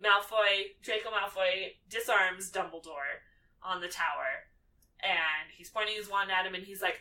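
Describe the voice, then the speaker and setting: Her mid-range voice moves at a measured pace, captured from afar on poor-quality audio. This woman co-hosts a podcast, casually recapping a movie's plot, slipping into character dialogue and peppering her animated telling with "like."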